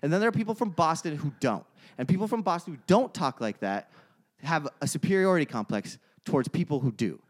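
Man, sports podcast co-host, profane rants, animated pitch, rambling. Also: fairly quick. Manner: profane, ranting hot takes; rambling, restarts mid-sentence. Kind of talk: casual sports chat.

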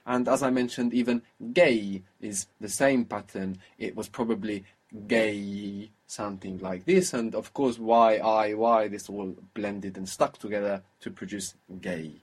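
A man's voice: lowish voice, steady tone, unhurried, slightly rough. A man teaching a spoken language lesson, patiently prompting and praising his student.

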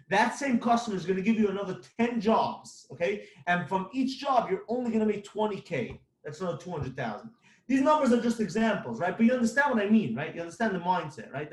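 A man's voice: high-pitched, darkish tone, reverberant. A man who runs a construction company giving blunt, emphatic business advice, repeating his points.

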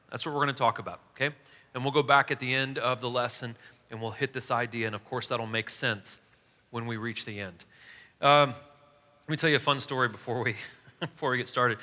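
A man with a raised, bright voice delivers a relaxed, joking sermon. He talks to the congregation casually and pokes fun at his own stories. The sound carries a long reverb from a big church hall. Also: a little high. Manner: chatty, self-mocking, laughs at his own stories. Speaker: preacher.

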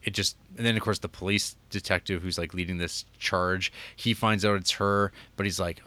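A man's voice: sits low, steady tone, normal speed, hardly any pauses, pushed and bright, dry recording. A man casually recapping an old film as a podcast co-host, rambling with lots of fillers.

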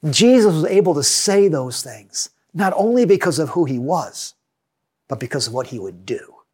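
A man preaching a sermon as a pastor, measured and earnest, reading passages aloud. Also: on the high side, expressive, a little mellow, husky.

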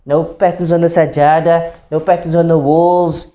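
Mellow-voiced man teaching a religious class. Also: a little high, level tone, moderate pace. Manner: repeats points, checks understanding often; mixes in Arabic religious phrases. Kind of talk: classroom explanation.

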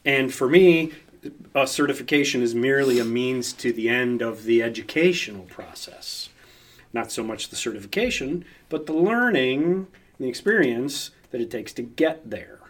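Brief: man, middle pitch, measured expert explaining in casual talk. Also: animated. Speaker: beer expert guest.

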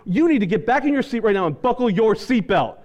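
A woman's voice: mid-range voice, animated, quick pace, darkish tone, lightly acted. A preacher voicing a stern, officious female flight attendant who scolds a passenger in prim, clipped tones. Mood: scolding.

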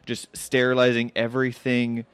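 A man's voice: medium pitch, monotone, normal speed, clean tone, dry recording. A man with a mid-range voice hosting a casual podcast. He rambles with plenty of fillers and sounds a little anxious. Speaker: podcast host. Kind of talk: casual chat.

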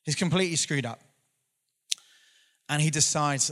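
A man's voice: mid-range voice, normal speed, a bit bright. A man, preaching a conversational sermon with earnest storytelling and some self-deprecating humor.

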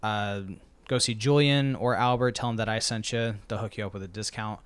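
Low, smooth laid-back podcast host. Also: male voice, fairly even intonation, brisk, dry recording. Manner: laid-back, lots of ums and uhs. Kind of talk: casual podcast chat, sponsor plugs.

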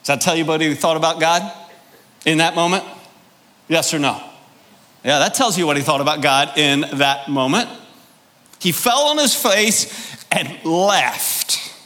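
A man preaching a sermon, emphatic and deliberate, firing rhetorical questions at his congregation. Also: a little high, animated, sharp tone. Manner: drawn-out, deliberate delivery with pauses. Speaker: pastor.

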